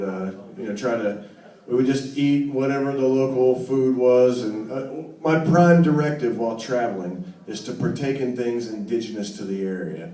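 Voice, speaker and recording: A man's voice: mid-range voice, warm tone. A man with a wry, rambling, self-deprecating way of telling a story between songs at a live show. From United States. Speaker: singer-songwriter performing live. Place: live venue with audience. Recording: roomy live recording from a distance, crowd audible.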